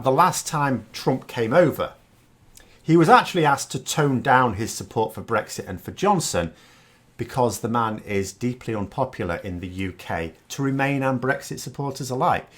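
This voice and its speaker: A British man hosting a political commentary channel, delivering a scornful, sarcastic monologue with emphatic points. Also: mid-range voice.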